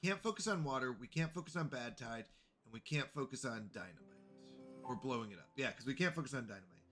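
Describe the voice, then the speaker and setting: Bright-voiced man streaming a game. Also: mid-range voice, expressive, fast. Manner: chatty, rambling, talks to chat. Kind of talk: casual live-stream game commentary. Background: faint background music.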